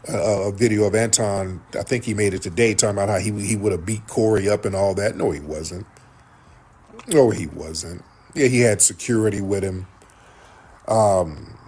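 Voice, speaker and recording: Husky-voiced man giving casual commentary. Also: fairly low pitch, darkish tone. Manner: storytelling, acts out others' quotes. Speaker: show host reading viewer comments.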